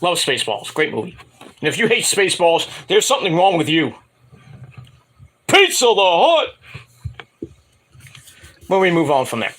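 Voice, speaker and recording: A man giving a rambling solo review of wrestling shows, acting out the wrestlers' lines in high mocking voices. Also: expressive, quick pace, fairly bright tone, slightly rough. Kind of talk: casual solo review monologue.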